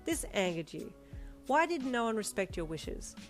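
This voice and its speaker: A woman narrating a fan fiction story in an expressive second-person reading. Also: on the high side, normal speed, faint music behind. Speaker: audiobook narrator.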